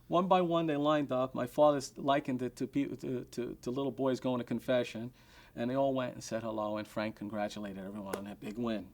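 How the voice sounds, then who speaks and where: A man, a restaurant owner telling an anecdote in an animated way and acting out the quotes. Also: medium pitch, fast.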